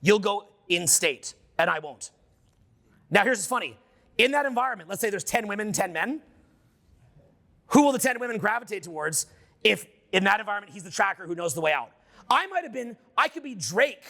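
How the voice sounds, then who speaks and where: High, bright-voiced man pitching to a crowd. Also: a little fast, gravelly. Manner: animated, questioning the crowd, profane. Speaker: seminar speaker. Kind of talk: live seminar talk to an audience. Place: room with a live audience. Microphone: unamplified handheld mic.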